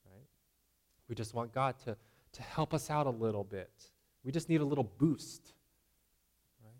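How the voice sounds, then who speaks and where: A man's voice: medium pitch, a little slow, a little mellow. Conversational man preaching a sermon. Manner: conversational, repeating "right?" and acting out imagined voices.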